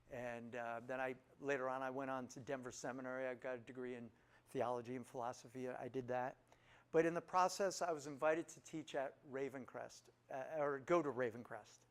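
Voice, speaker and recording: A man in his fifties, casually telling humorous family stories to a group and asking them questions. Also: a little high. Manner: humorous, asks the audience questions. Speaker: speaker introducing himself to a group. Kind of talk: casual storytelling talk.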